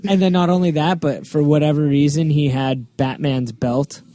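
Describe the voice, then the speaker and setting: A man's voice: fairly high pitch, fairly even intonation, moderate pace, crowd noise. A man hosting a comics podcast, rambling and laughing while he tells stories. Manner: rambling, lots of laughing and quoting. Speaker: podcast host. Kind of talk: casual chat.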